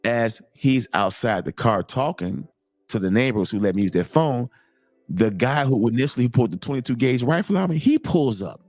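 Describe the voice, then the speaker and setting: A middle-aged man hosting a show, telling a personal story in a casual, animated, digressive way. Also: medium pitch, normal speed, no echo. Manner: animated, digressive, lots of repeated starts. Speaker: host.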